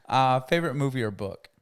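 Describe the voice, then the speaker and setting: A man co-hosting a podcast who asks rapid questions with a joking, mumbly delivery. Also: fairly low pitch, vocal fry, clean tone. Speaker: podcast co-host. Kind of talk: casual rapid-fire questions.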